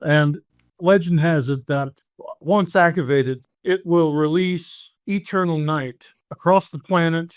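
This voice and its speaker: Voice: mid-range voice, slow, clear, resonant tone, dry recording, studio quality, lightly acted. A man voicing a scheming woman villain who boasts of unlimited power, speaking smugly and grandly. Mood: grandiose. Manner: smug, grandiose threats.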